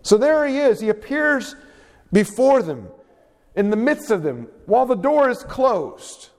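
A man preaching a sermon, reading scripture aloud with dramatic, expressive emphasis. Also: extremely high pitch, a little slow. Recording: long hall reverb.

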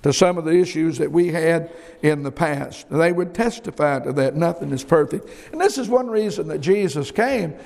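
High gravelly preacher in a hall. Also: male voice, moderate pace, a little mellow. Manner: emphatic, folksy, repeats himself. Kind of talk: sermon. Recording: long hall reverb.

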